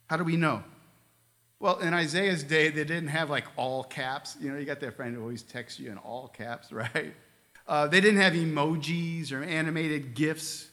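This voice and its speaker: A man's voice: a little high, fairly bright tone. A man preaching a sermon as a pastor, earnest, with casual asides and light humor.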